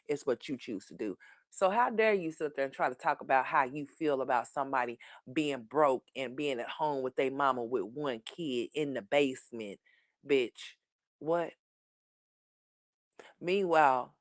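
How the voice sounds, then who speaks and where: A woman hosting a commentary stream, scolding and mocking someone with steady profanity. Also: deep voice, no echo, studio quality. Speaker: commentary host.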